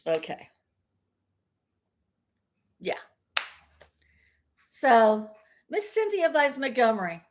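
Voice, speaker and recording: A woman with a high voice rants straight into her home vlog camera. Her pitch leaps up and down, and she lets some words drag out slowly. She is blunt and rambling, with mild swearing. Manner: rambling and repetitive. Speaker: vlogger. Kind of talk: casual vlog rant.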